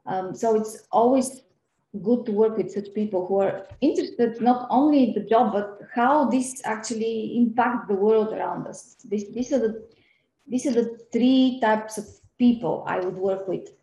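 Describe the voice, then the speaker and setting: A middle-aged woman from Eastern Europe speaks as a guest on a podcast, in a warm, mellow voice. She answers earnestly and quickly, filling gaps with ums and repeating words. Her voice carries a roomy echo. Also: on the high side. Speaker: podcast guest, banking professional. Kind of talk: interview podcast conversation.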